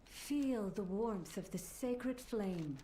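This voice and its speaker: An actress voicing a solemn female villager of a flame-worshipping people who gives slow, reverent blessings. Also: medium pitch, expressive, dark tone, a little hiss or hum.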